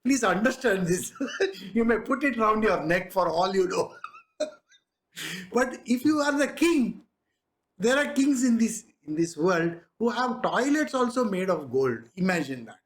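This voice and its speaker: Lively man giving a spiritual discourse. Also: high-pitched, a little slow. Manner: conversational, rhetorical questions, chuckles often. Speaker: spiritual teacher.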